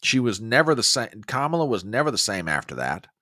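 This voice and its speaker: A man hosting a political talk show, delivering opinionated commentary with a lively, swinging pitch. His voice is forceful and pressed, and he talks emphatically, often restarting sentences. The recording is dry and close, with no room sound. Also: fairly quick, dry recording. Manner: emphatic and animated, with frequent restarts. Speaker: host of a conservative political podcast.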